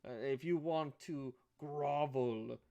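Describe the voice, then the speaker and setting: A man voicing a menacing male villain in blackened armor, who gives threatening, drawn-out commands. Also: a little high, vocal fry, warm tone, lo-fi sound. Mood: mocking.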